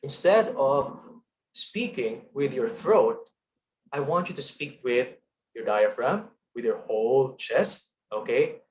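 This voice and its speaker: A man's voice: medium pitch, lively intonation, slow, echoey room. A man with a Filipino accent and a trained broadcast voice, leading an online lesson on public speaking and checking in often with "okay?". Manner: coaching, checks in with frequent "okay?".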